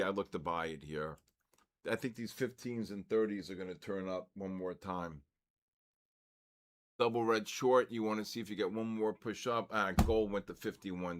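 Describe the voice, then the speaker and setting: An older man hosting a live trading stream, excitably calling out moves and muttering at the charts. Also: fairly low pitch. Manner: excitable, exclaims and mutters at the markets. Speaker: trading livestream host. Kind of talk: casual live trading commentary.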